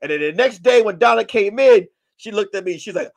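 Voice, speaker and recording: A man hosting a comedy podcast, telling a rowdy story, shouting, swearing and acting out the voices. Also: high voice, expressive, brisk, creaky. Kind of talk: animated comic storytelling.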